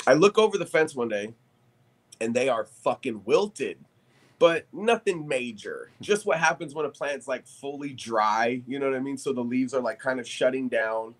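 A man, a podcast guest, telling a story in casual chat, animated and profane, laughing as he talks. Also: mid-range voice, moderate pace.

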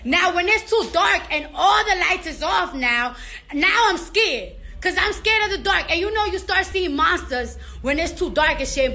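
Brash high-voiced woman in an echoey room. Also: lively intonation, normal speed, bright, forceful tone, recorded from a distance. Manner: brash, profane, blunt. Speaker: celebrity vlogger. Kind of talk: casual monologue to camera.

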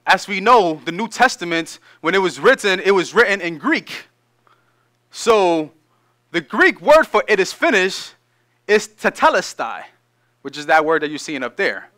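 A man preaching a sermon, reading scripture aloud and then explaining it in casual, energetic asides. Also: sits high, a little slow. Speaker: pastor.

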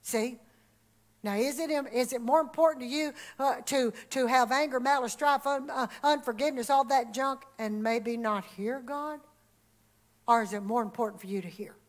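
A woman preaching a church sermon, swinging from loud emphatic calls to hushed asides. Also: on the high side, normal speed.

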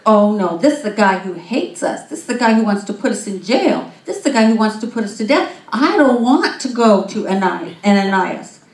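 A woman's voice: medium pitch, sing-song, moderate pace, few pauses. Woman doing a frightened disciple pleading. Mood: alarmed. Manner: protesting, repeating himself. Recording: roomy, from far off.

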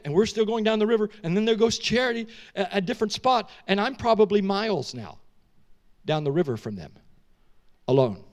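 A middle-aged man preaching in a church, telling a dramatic story with animated delivery, frequent restarts and questions to the audience. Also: high voice. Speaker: guest preacher. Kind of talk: storytelling sermon. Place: church sanctuary.

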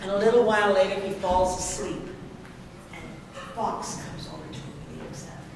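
A woman's voice: medium pitch, fairly quick, slight background noise. Woman storyteller echoing across a hall. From Canada. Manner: lively, expressive, addresses the audience directly. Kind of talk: live oral storytelling. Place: large hall. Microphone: distant mic. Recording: echoey hall from far off.

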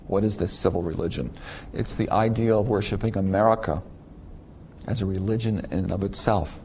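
A middle-aged university lecturer with a low, slightly mellow voice talks to students in a loose, conversational style at a somewhat quick pace. He keeps throwing out rhetorical questions and often repeats words, with faint noise in the background.

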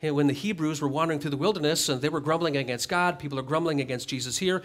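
A man's voice: fairly high pitch, quick pace, few pauses, a bit bright. A middle-aged man preaching a sermon as a pastor, reading scripture aloud and then explaining it conversationally with light humor.

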